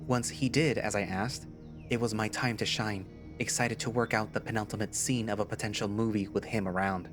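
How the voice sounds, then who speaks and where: A man narrating a first-person story in a lively storytelling manner. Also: lowish voice, brisk. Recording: music playing behind.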